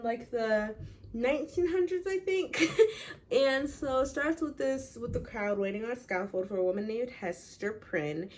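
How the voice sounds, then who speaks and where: A young woman casually summarizing a classic novel, full of "like" and "um", slipping into quick voices for the townsfolk. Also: mid-range voice, a little mellow. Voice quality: chatty, filler-heavy, lots of "like". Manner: acts out townsfolk in quick quoted bits. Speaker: book summarizer.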